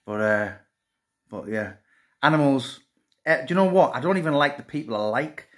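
A man's voice: medium pitch, animated, normal speed. A middle-aged man rambling emotionally to his phone camera in a casual monologue, mocking himself as he goes.

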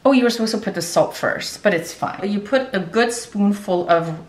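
A woman's voice: medium pitch, moderate pace. A middle-aged woman, a dentist, talking straight to her viewers in a playful, chatty way while she cooks at home. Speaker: dentist and cooking vlogger. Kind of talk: casual cook-along vlog. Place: home kitchen. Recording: roomy, from a distance.

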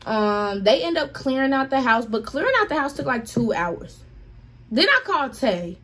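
A young woman vlogger telling a story in casual chat, animated and dramatic, talking straight to her viewers. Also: sits high, moderate pace. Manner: animated, dramatic retelling, addresses viewers as y'all.

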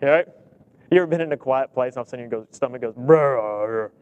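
A man's voice: medium pitch, racing, a little mellow, highs cut off. A man preaching a sermon. He reads scripture aloud, jokes, and keeps asking the congregation questions. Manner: humorous, asks the congregation many questions.

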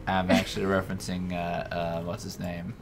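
Profane, excitable male let's-play host. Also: deep voice, normal speed, over music. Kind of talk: casual gameplay chat.

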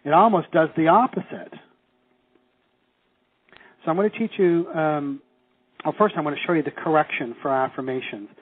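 A man's voice: a little high, moderate pace, long pauses, breathy edge, dry recording. A middle-aged man from Canada teaching a live seminar, quizzing the class and acting out the reactions he describes. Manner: lively, asks the class questions, acts out quoted reactions. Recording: tinny phone-like audio.

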